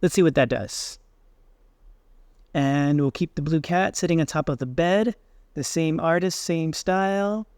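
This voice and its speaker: Man in a tutorial voice-over, easygoing and thinking aloud, slightly high voice, dry close recording. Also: a little slow, smooth, no echo. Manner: relaxed, thinking aloud with fillers. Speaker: tech tutorial host. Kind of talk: screen-recorded software walkthrough.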